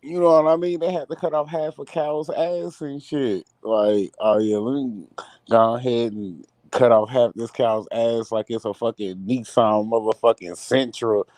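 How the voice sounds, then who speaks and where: A man on a casual live stream, joking loudly, swearing a lot and laughing between rants. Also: mid-range voice, steady tone, a little slow, no echo. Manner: loud, profane, laughing, riffs into mocking voices. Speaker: podcast co-host.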